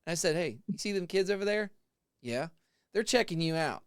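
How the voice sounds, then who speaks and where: A man's voice: high-pitched, a little fast, clean tone, no echo, clean studio sound. A man in his forties, a haunted house actor, telling a story in a casual chat with laughs, acting out other people's voices. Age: 40s. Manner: animated, laughing, acts out voices.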